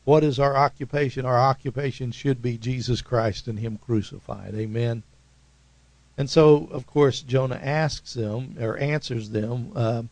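A male pastor with an Oklahoma accent preaches in an emphatic, conversational way, jumping between soft and loud. His voice is gravelly and sits at a middle pitch, recorded close and dry with no room sound. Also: dry recording, low-quality recording. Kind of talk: sermon.

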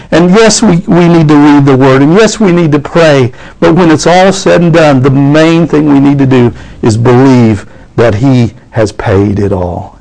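A man preaching a sermon as pastor, fervent and rising into excited preaching. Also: medium pitch, creaky, poor audio.

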